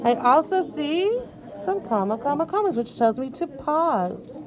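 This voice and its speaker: Woman, teacher, high voice, slow patient sounding-out, classroom crowd behind. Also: very animated. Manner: patient, sing-song coaching, sounding out words slowly. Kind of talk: early reading lesson.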